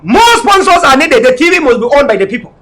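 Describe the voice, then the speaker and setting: A middle-aged man with a Cameroonian English accent, giving an impassioned political speech, fiery and often shouting. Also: very high voice, sing-song, fast talker. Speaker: political leader.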